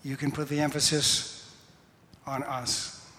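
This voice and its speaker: A male pastor giving a sermon in a church, slow and measured, laughing at himself now and then. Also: medium pitch, level tone, pushed and bright. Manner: slow, measured preaching with a self-deprecating laugh. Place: church sanctuary. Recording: long hall reverb.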